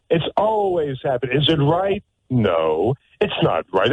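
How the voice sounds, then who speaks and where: On an opinionated talk radio monologue, a male host with a slightly high voice sounds sarcastic and emphatic, frequently repeating words. The studio audio is tinny and narrow-band, with no room sound.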